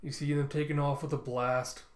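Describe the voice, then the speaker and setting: A man's voice: a little high, flat delivery, normal speed. A man reviewing a comic book, narrating its panels in a casual, paraphrasing way. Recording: roomy echo.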